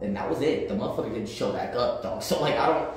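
A man's voice: medium pitch, quick pace, a little hiss or hum. A man in his thirties talking casually on a livestream, blunt and profane, with street slang and lots of repetition. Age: 30s. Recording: very echoey room.

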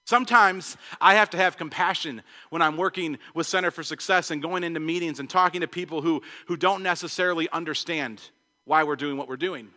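A young male pastor delivers his sermon with a high, bright voice, firing off thoughts in passionate bursts and restarting his sentences. His voice trails off into a long reverb that fills the church hall. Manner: passionate, fast-talking preacher with many restarts and acted quotes. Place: church sanctuary.

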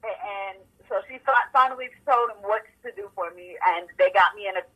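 A woman's voice: medium pitch, a little fast, sharp tone, slightly rough, rough recording. A woman guest in an interview, telling her personal story candidly with many stammered restarts.

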